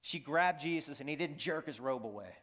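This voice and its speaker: Earnest preacher with a high-ish voice in an echoing hall. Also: male voice, animated, fairly quick, a bit bright. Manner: earnest, repeats lines for emphasis, asks the audience questions. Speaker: pastor. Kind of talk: sermon. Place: high school auditorium. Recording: long hall reverb from the auditorium.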